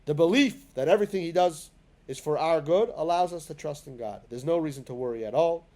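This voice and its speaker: A man's voice: fairly high pitch, a little fast, dark tone. A man teaching a spoken lesson in a synagogue class, talking in a conversational way full of fillers and restarts.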